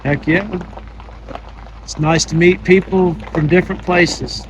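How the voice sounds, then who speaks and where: A man with a fairly high, easygoing voice talks through his shop work in a casual vlog. His manner is folksy and joking, with plain down-to-earth advice. A faint hum of noise sits behind him. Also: fairly even intonation, measured pace, muffled recording. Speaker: vlog host and car restorer. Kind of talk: casual chat and work narration.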